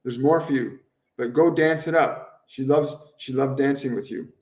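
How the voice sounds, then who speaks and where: A man hosting a live stream as a spiritual medium, answering viewers' questions in a gentle, earnest way and repeating phrases over and over for emphasis. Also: mid-range voice, normal speed, recorded from a distance. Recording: roomy echo, voice somewhat off-mic.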